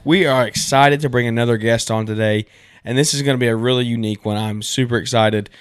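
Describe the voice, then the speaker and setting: A man with a Southern American accent hosts a podcast in a chatty, enthusiastic way. His voice sits at an ordinary middle pitch. The sound is dry and close, with no room echo. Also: fairly even intonation, fast, clear, resonant tone. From southern United States. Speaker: podcast host. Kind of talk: casual interview chat.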